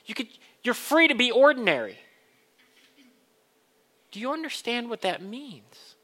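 Bright, high-voiced male preacher. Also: sing-song, a little slow. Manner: earnest, building to emphatic questions. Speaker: pastor. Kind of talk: sermon.

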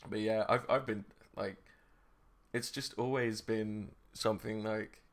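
A man's voice: fairly low pitch, fairly even intonation, measured pace. A young man co-hosting a podcast, chatting casually with giggles and swearing. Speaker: podcast co-host. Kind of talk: casual chat.

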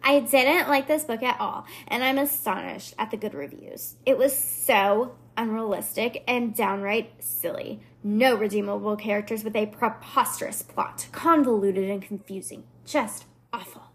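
A woman's voice: fairly high pitch, a little slow, hardly any pauses, a bit bright. A woman voicing a snippy young female book critic with a dismissive Valley Girl drawl. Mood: scornful.

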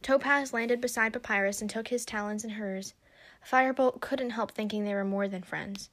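A woman narrating a story aloud in a steady storybook reading. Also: a little high, moderate pace.

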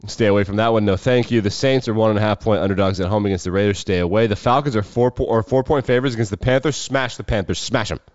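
A man hosting a casual solo sports talk show, profane and wry with quick asides. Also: lowish voice, darkish tone, no room sound, highs cut off. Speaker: sports betting show host.

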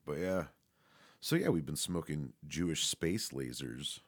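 Very deep-voiced man rambling casually. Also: unhurried. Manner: rambling, profane, many fillers and restarts; laughs often while talking.

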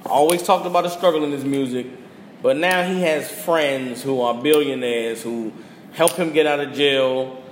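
A man's voice: medium pitch, normal speed. A young man hosting a podcast, delivering a blunt, emphatic rant full of slang and repeated phrases for punch. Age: young adult. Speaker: podcast host. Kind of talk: heated casual rant. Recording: roomy reverberant room with faint noise.

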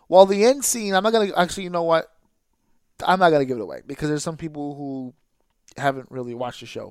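A man hosting a podcast, ranting with exasperation and heavy swearing, now and then mimicking others in a flat, deflated tone. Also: a little high, smooth, no echo, clean studio sound. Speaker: podcast host. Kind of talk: profane ranting podcast monologue.

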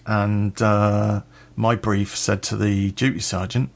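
A man tells a story from his own life, blunt and full of swearing, with a laugh now and then. His voice sits low with a heavy gravelly fry. The delivery stays casual and direct. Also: fairly even intonation, a little slow. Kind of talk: personal storytelling.

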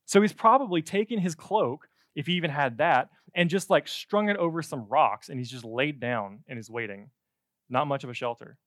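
Animated, joking male preacher. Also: fairly high pitch, normal speed, no echo, clean studio sound. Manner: animated, conversational, jokey asides. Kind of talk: sermon.

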